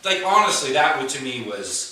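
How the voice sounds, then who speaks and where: A man with a lively, swooping voice reminisces about his comedy career in a casual chat, quoting the people he met. He sounds distant in an echoey room, and clear background noise runs underneath. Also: medium pitch, moderate pace. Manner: quiet reminiscing storyteller, quotes others.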